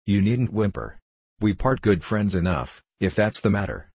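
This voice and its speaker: A man's voice: fairly low pitch, big pitch swings, normal speed, darkish tone, breathy edge, no room sound, full character voice. A man reading an audiobook, voicing a bitter, scornful young man who speaks defiantly.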